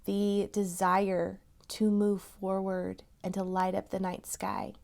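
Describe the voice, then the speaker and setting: A woman giving a tarot reading to her viewers, talking in an encouraging, softly emphatic way and breaking into excited exclamations. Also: mid-range voice, takes it slowly, creaky. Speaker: tarot reader.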